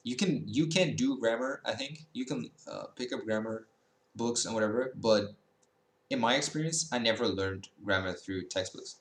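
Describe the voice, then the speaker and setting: A man's voice: medium pitch, normal speed, echoey room. A young man giving blunt, rambling advice on learning a language in a casual vlog, full of fillers and restarts, swearing and laughing at times.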